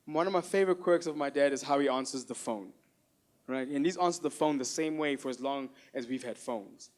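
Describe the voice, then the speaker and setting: A man performing a stand-up comedy set, animated and loud, acting out the voices of the people in his stories. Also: mid-range voice, a little fast.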